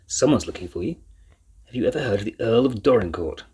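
A kindly, hearty old professor from a storybook, as a narrator puts him on. The voice is deep and low, with a very breathy, husky grain. He talks briskly. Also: big pitch swings, a little mellow, full character voice.

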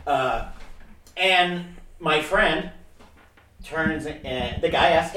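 A man's voice: on the high side, lively intonation, slow, fairly bright tone, far from the mic. A man co-hosting a podcast, telling a story in rambling casual chat and laughing often. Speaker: podcast co-host. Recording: roomy, from off mic, faint noise.

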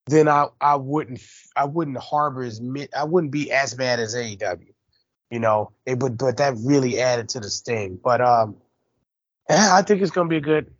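A middle-aged man hosting a podcast, talking bluntly and profanely with quick jabs. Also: mid-range voice, dry recording, highs cut off. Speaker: podcast host. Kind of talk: casual chat.

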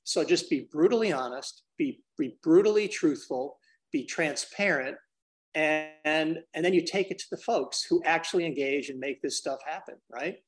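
Energetic man teaching a business formula. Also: fairly high pitch, moderate pace. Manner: energetic, acts out dialogues in different voices; addresses the host by name often. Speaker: business consultant and trainer. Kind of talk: podcast interview guest.

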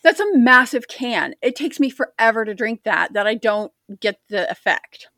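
A woman's voice: a little high, animated, moderate pace, bright, forceful tone, dry recording. A woman co-hosting a podcast in casual chat, rambling and self-deprecating. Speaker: podcast co-host.

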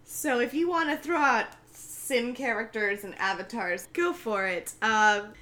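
A woman co-host chatting casually on a podcast, animated and jokey. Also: fairly high pitch, a little slow.

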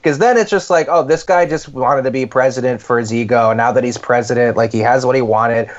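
A man's voice: mid-range voice, fairly quick. A man co-hosting a comedy podcast, telling rambling stories in a loose, casual way. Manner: rambling, animated storytelling with fillers. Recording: dull lo-fi podcast audio.

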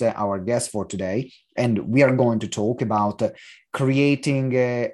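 A man with an Italian accent hosting a podcast interview, lively and jokey, with frequent "uh" fillers. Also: on the low side. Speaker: podcast host. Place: London.

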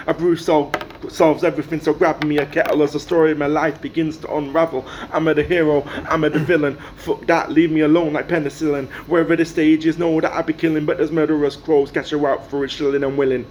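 A man performing rhythmic, measured spoken word poetry. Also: on the high side, darkish tone, a little hiss or hum.

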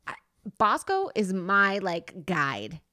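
Animated, laughing woman podcast co-host. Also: medium pitch, slow. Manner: animated, laughing, gestures with whole body. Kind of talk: casual chat.

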